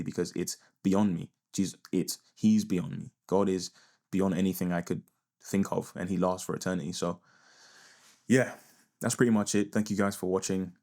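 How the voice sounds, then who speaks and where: A man's voice: low-pitched, vocal fry, a little mellow. A young man vlogging a hesitant, rambling reflective monologue, often trailing off and repeating himself.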